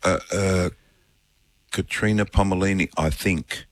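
A man hosting a talkback radio show, telling a story in a rambling, halting way with many fillers. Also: sits low, fairly even intonation. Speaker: radio host. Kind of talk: casual talkback radio chat.

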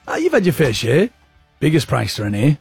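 An Australian man hosting a radio show, telling stories in animated, laughing banter from the studio. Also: mid-range voice, brisk, creaky, breathy edge, soft background music. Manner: animated storyteller, laughs often. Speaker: radio host.

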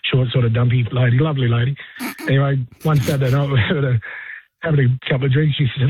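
A man phoning a radio show and telling a story in a chatty, animated way. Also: medium pitch, racing, slightly rough. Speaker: caller. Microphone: phone. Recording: dull phone-line sound.

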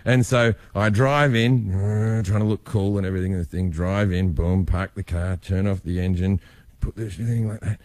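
A man's voice: low voice, fairly even intonation, normal speed, a little mellow, no echo. A middle-aged Australian man, a comedian guest, telling rambling, self-mocking stories in casual radio chat, stammering and laughing as he goes.

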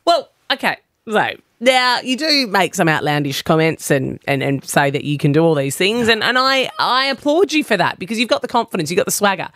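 A woman's voice: medium pitch, big pitch swings, brisk, few pauses, fairly bright tone, dry recording, studio quality. An Australian woman co-hosting a radio breakfast show, chatty, cheeky and blunt. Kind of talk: casual on-air banter. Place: radio studio. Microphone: studio microphone.

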